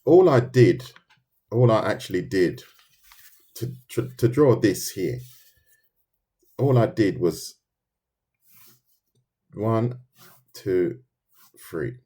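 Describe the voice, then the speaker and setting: A man's voice: lowish voice, sing-song, very slow, long pauses, mellow, slightly rough. A man with a London accent, chatting casually on a live stream as he draws, reading and answering viewer comments, thinking aloud with loose restarts. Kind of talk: casual live-stream chat while drawing.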